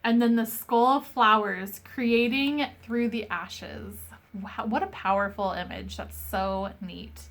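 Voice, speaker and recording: A woman's voice: medium pitch, slow pace, fairly bright tone. A young woman reviewing an oracle card deck, reading from its booklet and chatting earnestly with many fillers, coughing as she gets over being sick. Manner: chatty and earnest, many "um"s, says sorry often. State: recovering from illness, coughing. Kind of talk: casual deck review with read-aloud passages.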